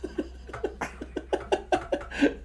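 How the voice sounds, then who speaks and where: A man co-hosting a game stream, chatting casually, joking, laughing often, and reading game text aloud dramatically. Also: extremely slow. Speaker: let's play co-host.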